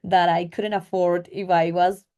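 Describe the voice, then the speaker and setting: A young woman with a Colombian accent talks through her travel stories in a loose, chatty way. Her voice is mellow and soft-edged. She leans on filler words and acts out the conversations. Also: on the low side, little pitch movement, unhurried. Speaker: travel vlogger. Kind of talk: casual storytelling.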